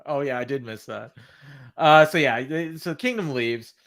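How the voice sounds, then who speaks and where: A man's voice: medium pitch, moderate pace, a bit bright. A man co-hosting a livestream podcast, chatting casually, laughing often and answering viewer comments. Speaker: podcast co-host. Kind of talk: casual livestream recap chat.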